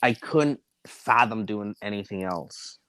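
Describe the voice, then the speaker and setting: A man's voice: lowish voice, unhurried, a bit bright, clean tone, no echo. A man who works as a cook, chatting casually, agreeing readily and swearing as he tells kitchen stories. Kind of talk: casual podcast chat.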